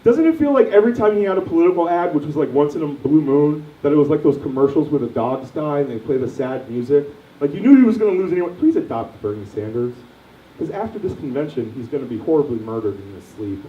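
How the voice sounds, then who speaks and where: A man's voice: on the high side, expressive, fast, distant mic. A young man doing a crude, rambling stand-up set, quizzing the audience, recorded from afar in an echoey lo-fi room. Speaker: stand-up comedian.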